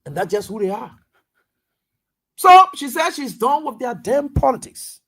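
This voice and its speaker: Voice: mid-range voice, sing-song, measured pace, a bit bright, breathy edge. A radio talk host, giving political commentary in an emphatic way, full of repetition and rhetorical questions.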